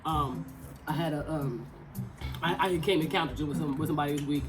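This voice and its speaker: Fast-talking woman chatting over a meal. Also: deep voice, over music, rough recording. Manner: animated, laughing, colloquial. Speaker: podcast co-host. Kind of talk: casual chat over a meal.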